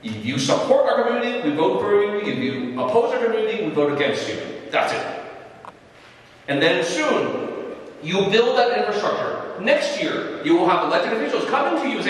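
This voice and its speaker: A man speaks emphatically to a gathered audience, acting out exchanges with officials to press his point. His voice sits fairly high. The sound comes from a distance in a large, echoing hall. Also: very animated, moderate pace. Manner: emphatic, persuasive, acts out dialogue with officials. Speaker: community organizer speaking to an audience. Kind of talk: public talk. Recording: echoey hall, far from mic.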